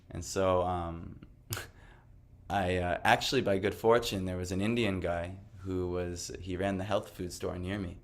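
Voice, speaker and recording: A man with a fairly low voice tells a personal story in a loose, conversational way. He rambles with many fillers and restarts and sounds quietly amused at himself. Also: fairly even intonation, moderate pace. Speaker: devotional speaker. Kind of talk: casual personal testimony talk.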